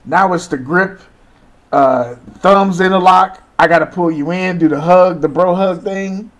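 A man's voice: sits high, a little slow, fairly bright tone. A man hosting a casual chat, laid-back, asking questions and laughing easily.

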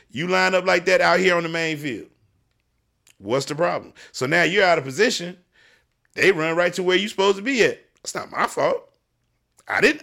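A man who hosts a podcast and coaches youth football, telling stories in casual chat, animated and profane. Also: on the high side, creaky.

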